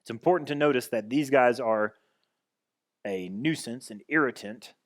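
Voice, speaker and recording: A man's voice: medium pitch, moderate pace. A man pastor giving a conversational sermon, restarting and repeating phrases as he goes.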